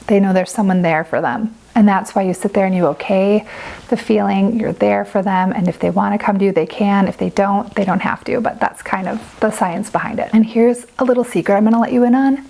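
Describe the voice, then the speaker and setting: A woman's voice: mid-range voice, dark tone, poor audio. A young adult woman giving casual, earnest parenting advice to camera, chatty and full of filler words. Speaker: parent vlogger.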